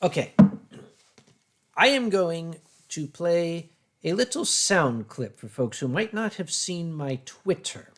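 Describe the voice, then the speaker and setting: A man hosting a casual drinking livestream, talking in a blunt, brash and animated way. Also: fairly high pitch, slow pace. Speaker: livestream host. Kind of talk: casual drinking-stream chat.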